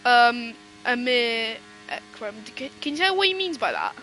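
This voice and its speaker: A woman giving casual, excitable live sim racing commentary, giggling and swearing as she banters. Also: a little high, measured pace, soft background music.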